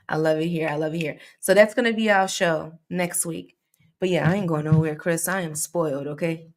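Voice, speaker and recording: A woman hosting a true crime show, chatting casually and live with her viewers, laughing often and calling out to them as y'all. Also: deep voice.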